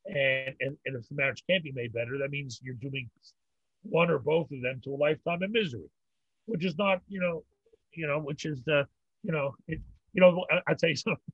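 A man's voice: on the high side, a little fast, husky, no echo, dull audio. An older man, a rabbi, talking in a rambling way and telling old jokes, often repeating words and laughing. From North America. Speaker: rabbi, interview guest. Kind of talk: storytelling conversation.

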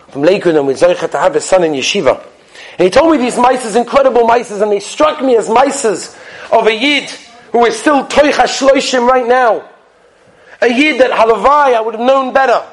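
High-voiced man giving an animated sermon. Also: slight background noise. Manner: animated, swings between loud emphasis and hushed drops; sprinkles Yiddish and Hebrew terms. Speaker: rabbi giving a Torah talk. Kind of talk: storytelling sermon.

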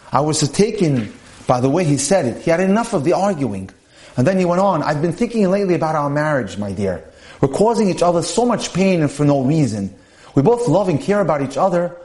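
Man, fairly high voice, earnest podcast lecture, reads a story aloud, preachy, addresses listeners. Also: a little mellow. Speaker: lecturer on marriage.

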